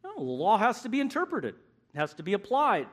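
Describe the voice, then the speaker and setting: A man preaching a sermon, emphatic and animated, acting out the voices he quotes. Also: high-pitched, brisk.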